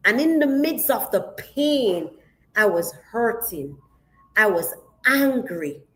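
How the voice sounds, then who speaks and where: A woman's voice: medium pitch, low-quality recording. A woman pastor sharing a personal testimony in an interview, telling it vividly and with emotion and acting out the dialogue.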